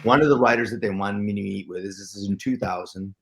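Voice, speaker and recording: Male guest, lower pitch, excitable storyteller, stumbles and restarts often. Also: fast talker, gravelly. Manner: excitable, with many restarts and acted-out quotes. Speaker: guest actor. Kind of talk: storytelling interview chat.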